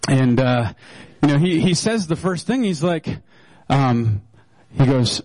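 Joking pastor, loose and filler-heavy. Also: male voice, on the high side, expressive, a little slow, a little mellow, rough recording. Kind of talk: sermon.

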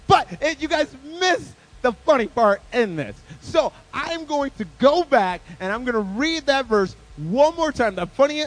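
A man preaching a sermon as a guest speaker at a church service, animated and playful, moving from loud emphatic bursts to quiet, earnest stretches. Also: high-pitched, low-quality recording.

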